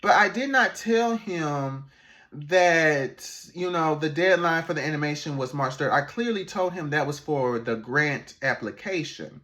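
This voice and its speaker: A man, an animator, telling a story in a casual, animated vlog, laughing and swearing as he goes. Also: on the high side, a little slow.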